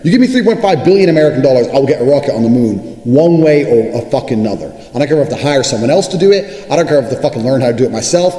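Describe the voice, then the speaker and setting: A man's voice: medium pitch, expressive, rapid-fire, few pauses, warm tone. A man delivering an unscripted monologue to camera, boastful and profane, with a swaggering manner. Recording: echoey room with long reverb.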